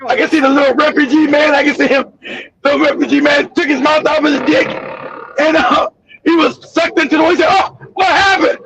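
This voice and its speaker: A man hosting a livestream, telling a crude story in an animated, profane way with loud outbursts. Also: very high-pitched, fairly quick, vocal fry, lo-fi sound, background noise. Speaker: host.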